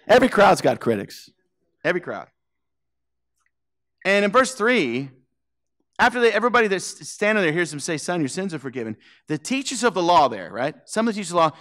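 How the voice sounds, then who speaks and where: A male preacher with a fairly high voice that swings widely up and down as he preaches. He tells the story playfully, acting out the characters' voices and laughing along with his congregation. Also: a bit bright. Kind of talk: animated sermon with acted-out scenes. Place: church sanctuary.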